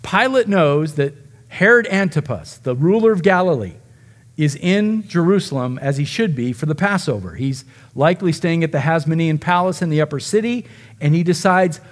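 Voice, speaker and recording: A male pastor preaching a sermon, animated and dramatizing the words of the figures he describes. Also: on the high side, moderate pace.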